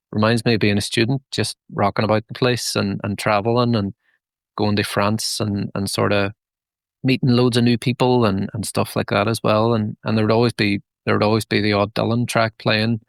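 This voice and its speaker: A Northern Irish man in his thirties with a low, gravelly voice, telling loose stories as an interview guest. He rambles and restarts often in a relaxed, chatty way. The sound is dry and close. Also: dry recording. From Northern Ireland. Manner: rambling, many restarts and fillers, relaxed storytelling. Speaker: band frontman, interview guest. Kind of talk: casual interview chat.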